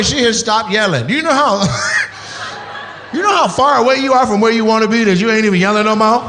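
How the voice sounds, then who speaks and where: A man doing crowd work on stage, loud and animated, acting out voices as he riffs with the audience. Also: high-pitched, moderate pace, noisy background. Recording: echoey venue with loud ambience.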